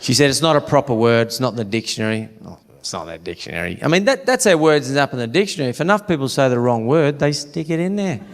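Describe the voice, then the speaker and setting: Brash, profane Australian stand-up comic. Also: male voice, mid-range voice, big pitch swings, fast talker, hardly any pauses. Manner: brash, profane storytelling with acted-out quotes. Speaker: stand-up comedian. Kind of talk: stand-up comedy routine. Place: live comedy venue. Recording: echoey venue with audience laughter. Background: audience laughing.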